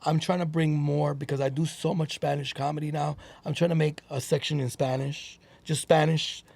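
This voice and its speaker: Man, gravelly voice, a bit high, animated, curses, mixes in Spanish. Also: normal speed, no echo. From Puerto Rico. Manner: animated, swears freely, switches into Spanish. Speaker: stand-up comedian, guest. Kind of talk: casual podcast chat.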